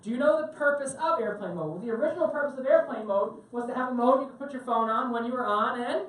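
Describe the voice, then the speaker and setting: A woman with a high-pitched voice talks at a quick pace while teaching a tech class to a live audience on a cruise ship. She's chatty, jokes, and asks the room questions; the room is very echoey and the mic is at a distance.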